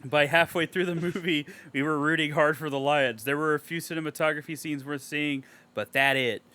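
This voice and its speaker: A man's voice: on the high side, steady tone, fairly quick, pushed and bright, smooth, dry recording. A man co-hosting a casual podcast movie review, reading a review aloud and ranting at it with sarcastic, profane outbursts. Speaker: podcast co-host.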